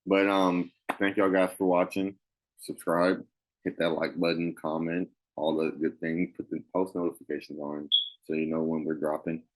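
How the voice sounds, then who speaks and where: A man with a very low voice and a drawl talks college football on a podcast. His delivery is loose and rambling, with plenty of ums and restarts, like easygoing chat between friends. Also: flat delivery, moderate pace, poor audio. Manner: loose, rambling, many fillers. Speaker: podcast co-host. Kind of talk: casual sports chat.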